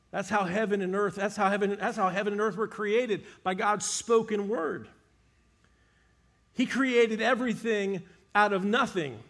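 A man preaching a sermon, retelling scripture with animated, emphatic storytelling. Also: high-pitched.

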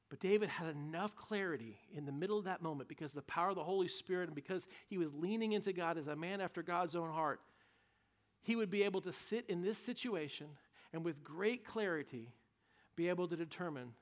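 A man preaching a sermon, telling a story with vivid drama and humorous asides. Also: on the high side. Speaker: pastor.

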